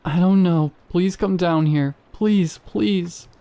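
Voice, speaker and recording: A man voicing an inhuman creature that imitates a frightened young woman, shifting from whimpering pleas to a raspy whisper. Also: high-pitched, slow, warm tone, voice pushed up, full character voice. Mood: terrified pleading. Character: creature mimicking a lost young woman, pleading then eerie.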